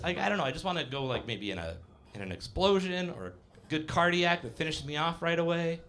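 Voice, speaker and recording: A man's voice: fairly high pitch, animated, fairly quick, fairly bright tone. A man in his fifties doing a live stand-up set, rambling and self-deprecating, full of fillers and acted-out voices. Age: 50s. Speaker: stand-up comedian. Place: live comedy cafe stage.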